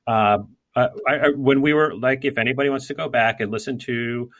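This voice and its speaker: A man's voice: mid-range voice, steady tone, brisk, fairly bright tone. A man co-hosting a podcast, talking casually and rambling with many fillers and restarts. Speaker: podcast co-host. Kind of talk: casual gardening chat.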